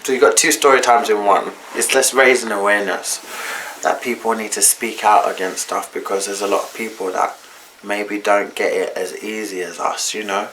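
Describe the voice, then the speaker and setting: This young male vlogger talks to camera at a normal speed, his lowish voice fairly bright with fairly even intonation. He retells a personal story in a chatty, slangy, candid way, and there's a little hiss or hum in the recording.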